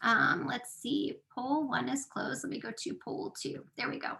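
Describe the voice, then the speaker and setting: A woman's voice: high voice, fairly even intonation, moderate pace, vocal fry, sharp tone. A woman presenting an online workshop, speaking earnestly and conversationally with frequent fillers into a computer microphone.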